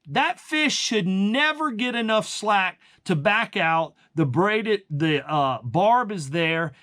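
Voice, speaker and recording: A man's voice: high-pitched, animated, slow pace, pushed and bright. A man hosting a fishing channel, giving blunt, emphatic tips in casual talk and calling the viewers guys.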